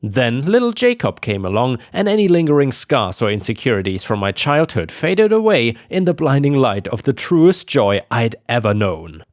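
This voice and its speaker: A man's voice: medium pitch, dry recording, studio quality. A man reading a dramatic first-person family story as the channel's narrator. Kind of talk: scripted narration of a reddit story.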